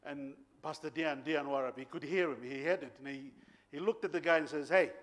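Male preacher, high voice, animated storyteller, laughs a lot. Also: brisk. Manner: animated, laughing storyteller with bursts of loud emphasis. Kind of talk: sermon storytelling.

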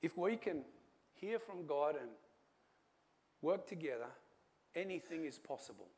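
A man preaching a sermon as pastor, telling a story and swinging from hushed asides to loud calls, with little chuckles along the way. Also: on the high side, animated, unhurried.

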